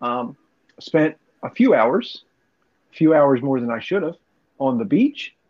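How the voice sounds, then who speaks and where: A man's voice: medium pitch, big pitch swings, a little slow. Rambling guy telling stories. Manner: rambling, profane storytelling with laughs. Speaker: podcast co-host. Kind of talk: casual chat. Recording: dull lo-fi recording.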